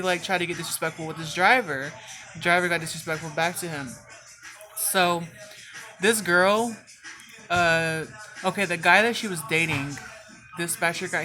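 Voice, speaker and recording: A woman's voice: fairly low pitch, moderate pace, music in the background. A woman telling a storytime vlog in casual chat, swearing freely and filling her speech with "like". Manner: casual, heavy cursing, frequent "like" fillers. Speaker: vlogger.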